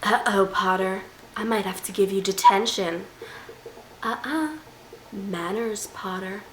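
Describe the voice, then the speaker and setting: A woman's voice: medium pitch, a little slow, roomy sound, slight background noise, natural voice, rough recording. A woman putting on Draco Malfoy, a smug taunting schoolboy.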